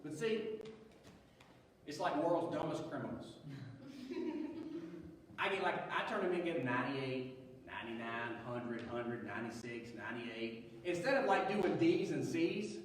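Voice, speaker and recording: A man giving a youth sermon, telling a funny story in an animated, chatty way. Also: mid-range voice, measured pace, long pauses, slight background noise. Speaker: youth pastor. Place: large church hall. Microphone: distant from the mic. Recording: echoey hall, distant mic, faint ambience.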